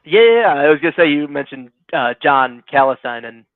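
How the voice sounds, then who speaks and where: Chill guy on a stream call, bit higher voice, sounds like a phone line. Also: animated, brisk, no room sound. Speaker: guest grappler. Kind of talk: casual chat.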